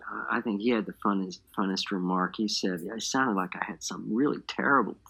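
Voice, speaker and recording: A man's voice: lowish voice, a little fast, gravelly, sharp tone, breathy edge. A man interviewed in a documentary, recalling a film shoot in a reflective way.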